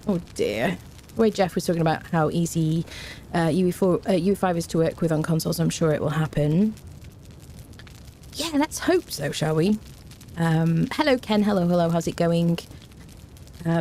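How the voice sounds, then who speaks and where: A woman's voice: lowish voice, vocal fry, dark tone, a little hiss or hum. A woman chatting casually on a game live stream, rambling and thanking viewers by name.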